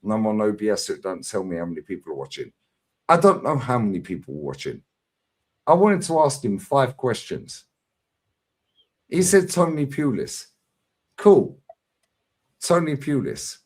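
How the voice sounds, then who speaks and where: A middle-aged man, mid-rant on a livestream debate. His pitch swings widely as he argues, punching out points and tagging them with a pushy "yeah?". The delivery is combative and relentless. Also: wildly swooping pitch, normal speed. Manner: combative, emphatic, constant "yeah?" tags. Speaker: fan channel streamer.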